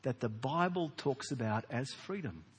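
A man, preaching a sermon in a large church in a lively, conversational way with rhetorical questions. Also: mid-range voice, normal speed, breathy edge. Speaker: pastor. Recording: long hall reverb.

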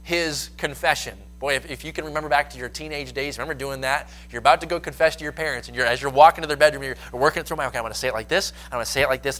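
A man's voice: a little high, a bit bright, poor audio. A young man preaching a sermon, telling stories and acting out quoted lines with rising intensity.

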